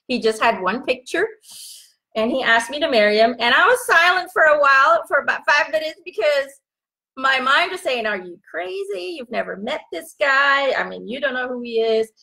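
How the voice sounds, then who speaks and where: A woman in her thirties telling a personal story in a casual live chat, animated and laughing often. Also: high-pitched, normal speed. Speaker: vlog host.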